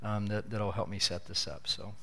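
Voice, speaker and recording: A man's voice: fairly low pitch, little pitch movement, normal speed, noisy background. A middle-aged man preaching a sermon in an earnest, conversational way, often repeating words as he restarts. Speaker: pastor.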